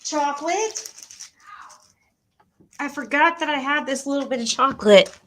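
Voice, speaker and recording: Bright-voiced woman doing a tarot livestream. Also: high-pitched, fast talker. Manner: emotional, nervous laughing, talks to her pet. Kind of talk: casual livestream chat.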